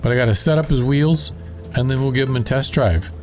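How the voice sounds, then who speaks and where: A man's voice: medium pitch, brisk, soft background music. A man with a Southern drawl chatting casually as he plays and narrates a building game, thinking aloud as he works. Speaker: gaming channel host.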